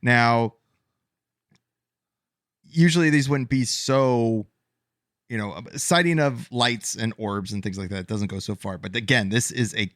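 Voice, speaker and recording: A man's voice: medium pitch, a little slow, long pauses, fairly bright tone, no room sound. Rambling male podcast host, dry sound. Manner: rambling, stumbles over names, many fillers. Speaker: podcast host presenting the case. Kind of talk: casual chat.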